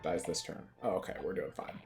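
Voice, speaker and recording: A man's voice: deep voice, brisk, over loud music. A man streaming, giving offhand, mumbled commentary on his card game as he watches a video. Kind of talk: casual commentary.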